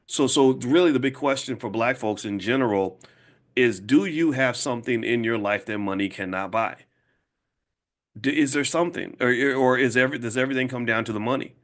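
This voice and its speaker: A man in his fifties speaking to a live audience as a finance educator, emphatic and casual, repeating points slowly to drive them home. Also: medium pitch, a bit bright. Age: 50s. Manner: emphatic, slow and repetitive for emphasis; casual, conversational, direct address. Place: room with an audience.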